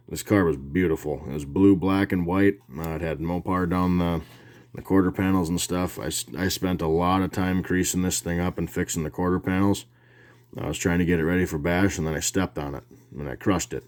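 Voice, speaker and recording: Low-voiced man in his workshop. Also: darkish tone. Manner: rambling, plain-spoken, frequent restarts. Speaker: hobby video host. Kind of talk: casual how-to talk. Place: home workshop.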